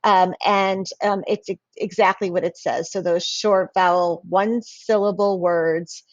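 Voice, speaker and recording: A woman's voice: lowish voice, steady tone, unhurried, no room sound, lo-fi sound. A woman instructional coach giving a casual professional development talk to teachers, full of fillers and restarts. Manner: hesitant, many fillers and restarts.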